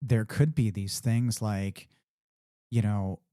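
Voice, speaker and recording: A man co-hosting a podcast in casual chat, talking in halting bits with many restarts. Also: on the low side, mellow, dry recording, clean studio sound. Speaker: podcast co-host.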